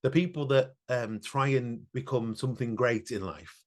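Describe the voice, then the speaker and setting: A man's voice: medium pitch, normal speed. A man co-hosting a podcast, telling a personal story in an earnest, reflective way with many restarts. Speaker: podcast co-host. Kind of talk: emotional casual chat.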